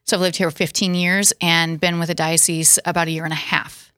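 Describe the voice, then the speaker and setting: Brief: upbeat woman quiz host, bright tone, laughs through her lines, studio chat. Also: fairly low pitch, flat delivery, brisk, no echo. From South Dakota. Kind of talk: casual studio chat, quizmaster.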